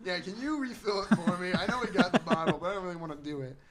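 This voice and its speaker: A man's voice: high voice, expressive, fast, over a noisy crowd. A young man co-hosting a comedy podcast, telling a rambling, self-mocking story with frequent laughs. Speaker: podcast co-host. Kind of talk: casual storytelling chat. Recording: podcast with loud group laughter behind.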